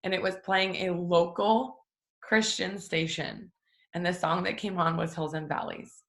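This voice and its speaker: At her family home, a young devotional host gives a casual, emotional faith talk, chatty and full of fillers. Her voice is lowish and gravelly, her pace measured, and the room adds a noticeable echo.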